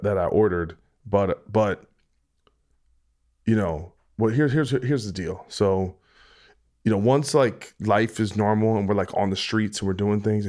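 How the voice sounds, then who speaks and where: A man hosting a podcast, talking in a rambling, joking way with lots of restarts. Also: lowish voice. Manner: rambling, joking, self-interrupting. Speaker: podcast host. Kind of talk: casual solo chat.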